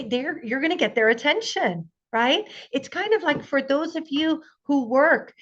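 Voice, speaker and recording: Woman giving an earnest parenting talk, kinda high voice, muffled livestream sound. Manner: earnest, encouraging, acts out quoted voices. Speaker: parenting speaker. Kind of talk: conference talk.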